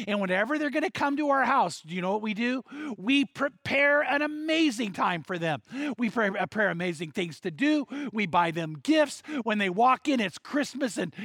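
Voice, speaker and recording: A man's voice: high-pitched, a bit bright, no echo. An older man preaching a sermon, emphatic, building points through repetition and direct questions to listeners. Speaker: pastor.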